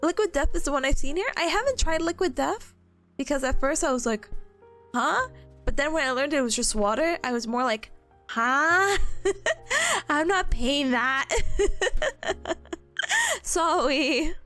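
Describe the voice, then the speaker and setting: A young woman chats casually on a live stream, her voice high and swinging widely in pitch. She giggles a lot and drops into silly playful voices. Faint music plays quietly behind her. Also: animated, moderate pace.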